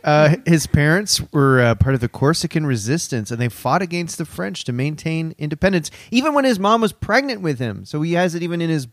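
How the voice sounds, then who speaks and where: A man on a comedy podcast reads out history points, padding them with fillers and quick laughs. His voice sits a little high and moves around a lot, recorded close and dry. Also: sing-song, no room sound. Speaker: co-host. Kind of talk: casual comedic podcast chat.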